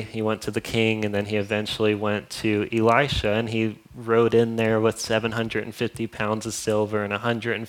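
A man's voice: lowish voice, clean tone. A man preaching a sermon, retelling a Bible story in a casual, conversational way with asides to his congregation. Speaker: pastor.

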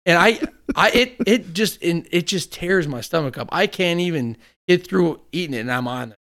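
A man in casual chat, telling long animated stories and swearing freely. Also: a little high, normal speed.

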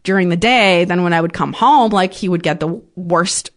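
A woman's voice: lowish voice, normal speed. A woman from Ukraine, a podcast guest, telling personal stories candidly and swearing freely. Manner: frank, swears freely, acts out her past outbursts. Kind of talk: candid conversational storytelling.

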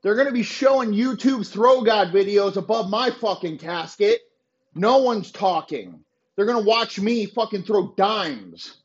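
A man's voice: sits high, expressive, unhurried. A man hosting a podcast, delivering a crude, boastful, insulting comedic rant. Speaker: podcast host. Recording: dull lo-fi sound.

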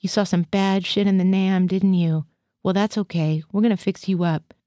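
A woman's voice: mid-range voice, flat delivery, moderate pace, mellow, no room sound, clean studio sound, natural voice. A woman reading the part of a cheerful, buoyant male Marine who talks to a fellow patient in an easygoing, reassuring way.

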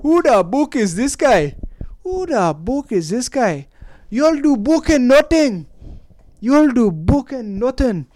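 A man putting on a poor Irish accent to impersonate a brash, swearing male fighter, loud and drawn out. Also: very high voice, big pitch swings, takes it slowly, voice pushed up, exaggerated voice. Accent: mock Irish.

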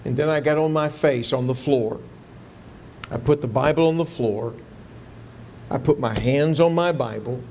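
A man's voice: medium pitch, moderate pace, darkish tone, a little hiss or hum. A man preaching a sermon, telling a personal story in an earnest way and rising to fervent pleading when he quotes his prayers. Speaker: pastor.

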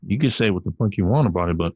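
A young man with a very deep, husky voice holds forth on his own podcast. He rambles from one tangent to the next, cursing freely as he gets heated. The sound is close and dry, with no room around him. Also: animated, very fast, a little mellow, no echo, muffled recording. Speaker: podcast host. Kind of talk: solo podcast rant.

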